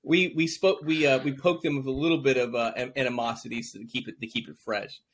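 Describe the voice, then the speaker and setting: A man's voice: medium pitch, fairly even intonation, fast talker, a little hiss or hum. A man hosting a podcast interview, chatting casually, teasing his guests and laughing often. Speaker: podcast host.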